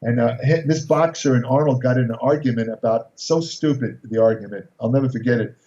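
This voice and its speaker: A man's voice: medium pitch, a little fast, warm tone. A man in his sixties, a podcast guest, telling casual anecdotes in a rambling way, full of restarts and fillers. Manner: rambling storyteller with many restarts. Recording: distant roomy dull recording.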